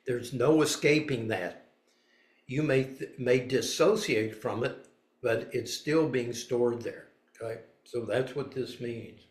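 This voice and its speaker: A man's voice: medium pitch, slow, echoey room. A man giving a dharma talk as a spiritual teacher, blunt and folksy, moving between reading and emphatic asides.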